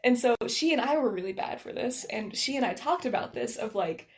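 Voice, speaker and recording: An American woman whose accent carries a slight Scottish lilt, talking quickly in a casual conversation with many restarts and laughs. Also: on the high side, animated. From United States. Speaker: guest.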